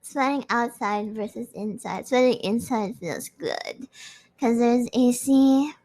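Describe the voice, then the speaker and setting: A woman's voice: on the high side, slow, warm tone. A woman chatting casually with her audience, giggling often. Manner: giggly, chatty, frequent laughter. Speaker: streamer hosting a live audio space. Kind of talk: casual chat reading audience comments.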